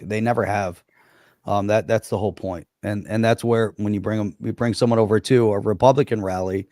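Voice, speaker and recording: A man's voice: lowish voice, darkish tone, no echo, studio quality. A man hosting a casual political podcast chat, giving short agreements and then stating his opinions plainly. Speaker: podcast host.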